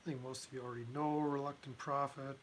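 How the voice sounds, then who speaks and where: A man hosting a casual commentary livestream, talking in a halting way with many restarts and fillers. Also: mid-range voice, little pitch movement, a little hiss or hum. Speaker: livestream host.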